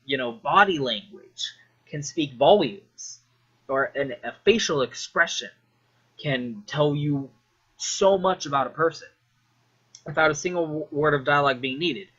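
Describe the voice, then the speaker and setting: A man's voice: on the high side, unhurried, sharp tone, husky, highs cut off. A man casually rambling about a video game he loves, full of fillers, restarts and swearing.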